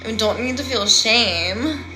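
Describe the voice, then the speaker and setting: A woman who calls herself a healer, giving a rambling, playful and dramatic live-stream monologue that swings between loud and hushed. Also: fairly high pitch, takes it slowly, music in the background, low-quality recording.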